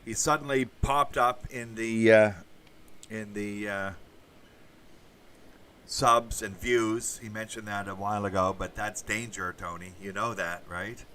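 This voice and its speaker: Rambling low-voiced man, bright tone. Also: fairly even intonation, unhurried, far from the mic. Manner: rambling, with asides and crude swearing. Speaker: podcast host reading live chat. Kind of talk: casual livestream chat.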